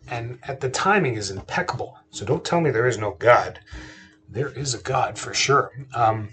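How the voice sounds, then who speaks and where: A man's voice: medium pitch, lively intonation, normal speed, sharp tone. Chatty man telling a family story. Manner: chatty, repeats and restarts, asks listeners rhetorical questions. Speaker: podcast host. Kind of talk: casual storytelling monologue.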